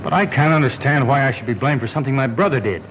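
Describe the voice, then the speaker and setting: A man's voice: medium pitch, quick pace, a bit bright, a little hiss or hum, lightly acted. An actor playing an earnest young man defending his engagement, in 1930s film acting, pleading and stubborn. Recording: dull 1930s film soundtrack.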